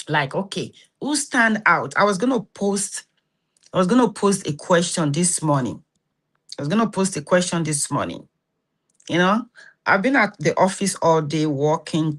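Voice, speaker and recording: Animated Nigerian woman hosting a live stream. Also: on the low side. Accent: Nigerian, Yoruba. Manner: animated, acts out quoted dialogue. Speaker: host of a live stream on relationships and healing.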